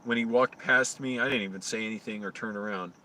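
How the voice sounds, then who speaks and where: A man's voice: fairly low pitch, steady tone, quick pace, sharp tone. A man live-streaming outdoors, telling rambling anecdotes with restarts, his voice rising when he retells arguments. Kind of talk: casual live-stream storytelling.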